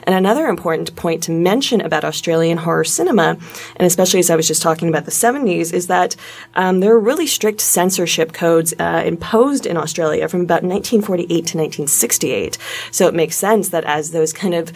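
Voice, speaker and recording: A Canadian woman co-hosting a podcast talks through film history analytically in a casual discussion, dropping mocking asides. Her voice is fairly low, a little fast and creaky.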